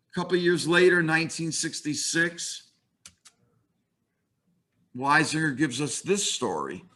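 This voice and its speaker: An older man in his sixties giving a webinar lecture on comics, relaxed and conversational, with wry asides. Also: a little high.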